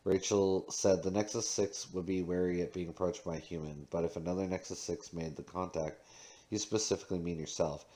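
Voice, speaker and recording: A man's voice: low-pitched, fairly even intonation, a little fast, dark tone. A man reading a novel aloud, doing the narration and dialogue in his own voice, with occasional slips and restarts. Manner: reads with small slips and restarts. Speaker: audiobook reader.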